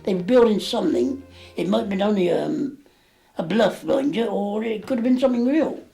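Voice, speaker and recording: A man's voice: high voice, expressive, brisk, vocal fry, warm tone, soft background music. Elderly man reminiscing. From England. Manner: rambling, dialect grammar, many fillers. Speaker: war veteran interviewee. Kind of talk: recounting memories in an interview.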